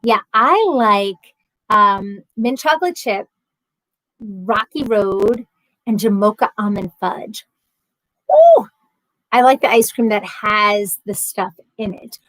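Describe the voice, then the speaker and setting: A woman's voice: mid-range voice, slow, fairly bright tone, no echo, low-quality recording. A woman hosting a casual livestream, chatting and reading viewer comments aloud with a sarcastic, chatty manner. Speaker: livestream host.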